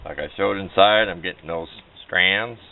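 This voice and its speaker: A man with a fairly low voice talks through a hands-on tool demonstration in a folksy, plain-spoken way, giving practical instructions. The audio is thin and tinny, like a cheap camera mic, with a faint hiss underneath. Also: normal speed. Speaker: DIY video maker. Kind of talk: casual how-to demonstration.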